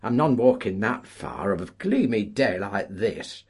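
A man's voice: fairly low pitch, expressive, a little slow, a little mellow, slightly rough, voice pushed up. A man voicing a slender, pale young collier of about twenty-two who stubbornly refuses.

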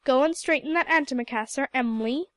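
A woman's voice: high-pitched, expressive, moderate pace, no echo. A woman voicing a strict, fussy old aunt who scolds and gives orders in a storybook reading. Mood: scolding. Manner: scolding, sharp, commanding.

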